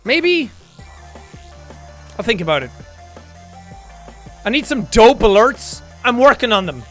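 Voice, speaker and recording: A man hosting a casual livestream, chatting in a jokey, excitable way, with bursts of shouting and laughter. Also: very high-pitched, slow. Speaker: livestream host. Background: faint background music.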